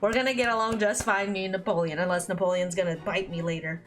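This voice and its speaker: A woman's voice: mid-range voice, steady tone, fast talker, faint music behind. A woman streaming a visual novel, reading it aloud with giggly, chatty commentary. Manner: giggly, laughs often, chatty asides. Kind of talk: casual let's-play commentary and reading aloud.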